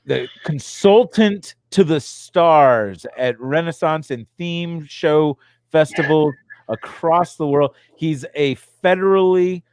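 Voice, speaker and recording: A middle-aged man hosting a podcast, joking and excitable, often restarting his sentences. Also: fairly high pitch, takes it slowly, clean tone, no echo. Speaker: podcast host. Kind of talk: casual chat.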